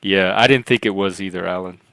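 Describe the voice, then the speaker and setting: Low-voiced Southern man, rambling host. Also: brisk, creaky, sharp tone, no room sound. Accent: Southern US, Louisiana-Cajun-Texas blend. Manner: rambling, self-deprecating, chatty. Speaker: livestream host. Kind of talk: casual livestream chat.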